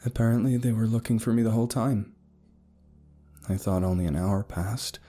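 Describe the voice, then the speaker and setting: A man's voice: fairly low pitch, moderate pace, warm tone, soft background music, voice pushed up, lightly acted. A man voicing a grown woman who recalls a childhood ordeal in a plain, reflective storytelling way.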